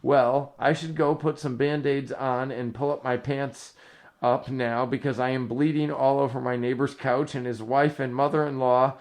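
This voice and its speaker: A man's voice: medium pitch, gravelly. Laughing profane man reading fan emails. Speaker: podcast co-host reading listener emails. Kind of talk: casual crude sports podcast chat.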